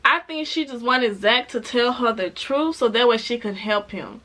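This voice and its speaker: A woman giving a casual, animated recap of a TV episode, chatting with laughs and acting out the characters' lines, with speech. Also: fairly high pitch, moderate pace. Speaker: TV show reviewer.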